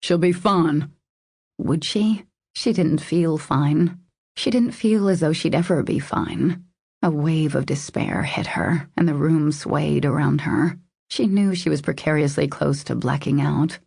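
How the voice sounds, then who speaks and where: A woman narrating a romance audiobook in a steady, measured reading style. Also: deep voice, gravelly, slightly rough, no echo, studio quality. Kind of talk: scripted narration.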